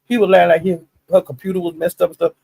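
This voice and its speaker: Husky-voiced man spilling gossip. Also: high-pitched, quick pace, no room sound. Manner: animated, profane, exclaims "honey" and "child". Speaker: commentator recapping online live-stream drama. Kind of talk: gossipy casual storytelling.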